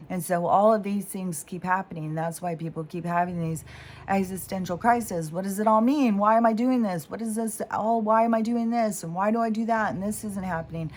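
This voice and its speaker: A woman's voice: on the low side, a little mellow. A woman speaking in a casual spiritual monologue, rambling and interrupting herself as she tells a story. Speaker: spiritual vlogger. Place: home near mountains in Washington State.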